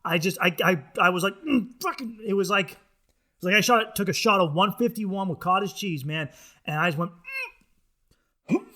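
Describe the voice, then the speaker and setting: A man with a high, bright voice riffs through a crude comedy monologue. He rambles and swears freely, full of restarts and asides. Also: fairly quick. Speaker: podcast host.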